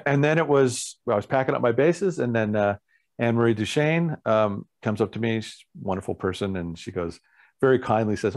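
In a laid-back interview, a male guest musician recounts a story with energy, voicing the other characters' lines. His pitch is mid-range and his pace is normal.

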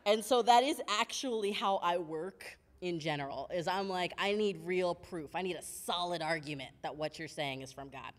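A woman's voice: on the low side, moderate pace, few pauses. A woman in her thirties giving a sermon at a women's midweek service, telling candid, self-mocking stories about herself with frequent laughs. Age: 30s. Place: church hall. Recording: long hall reverb.

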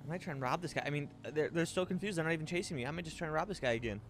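A man's voice: fairly high pitch, rapid-fire, slight background noise. A young man streaming a role-play game, playing a fake police officer who barks commands and laughs at his own pranks. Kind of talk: gameplay commentary mixed with in-character role-play.

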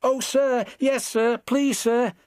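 A man voicing Percy, a cheeky, eager little green male tank engine, in a high, excited voice. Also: extremely slow, gravelly, husky, exaggerated voice.

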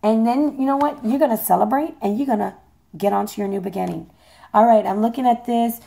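A hoarse woman giving a chatty, playful tarot reading, swearing casually as she talks. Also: fairly high pitch, fairly quick, dark tone. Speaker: tarot reader.

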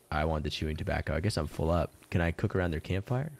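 A man with a very low voice keeps up a relaxed running commentary while he plays a video game. He swears freely and laughs easily, talking to himself and to his viewers as he goes. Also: quick pace, vocal fry, hardly any pauses. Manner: laid-back, swears constantly, chuckles between remarks. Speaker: game streamer. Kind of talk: casual let's-play commentary.

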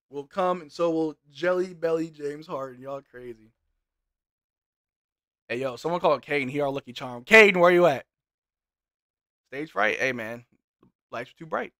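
A man hosting a live basketball watch-along, reading chat aloud and reacting, swinging from loud hype to quiet mutters. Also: mid-range voice, no room sound, studio quality.

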